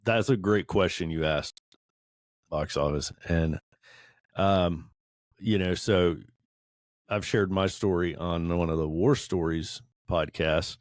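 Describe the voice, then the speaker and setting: Deep-voiced earnest man in a group talk. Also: slow pace, long pauses, no room sound, clean studio sound. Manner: earnest, self-deprecating, laughs while telling stories. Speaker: podcast panelist. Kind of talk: candid group discussion.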